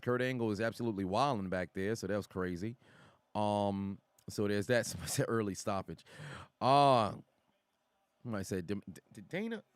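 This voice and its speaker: A man streaming live and reading out chat messages, talking in an animated, excitable way and swearing freely. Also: on the low side, smooth, no room sound.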